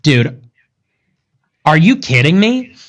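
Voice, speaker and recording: A man reads viewer messages aloud on a stream and reacts in disbelief, faking outrage for laughs. His voice sits high and swoops around a lot. He drags his words out slowly. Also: very animated, a bit bright, a little hiss or hum. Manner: incredulous, mock-outraged joking.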